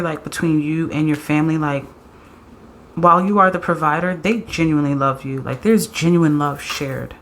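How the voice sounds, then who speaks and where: A woman doing a pick-a-card tarot reading, excitable and slangy, often laughing and acting out quotes. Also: low voice, a little hiss or hum. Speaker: tarot reader.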